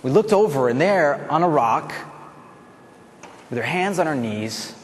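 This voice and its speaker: A man's voice: a little high, a little slow, in a large hall, a little hiss or hum. A man giving a motivational speech to an audience, telling a story and acting out the voices of the people in it. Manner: animated, acts out voices and builds to shouting. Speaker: motivational speaker.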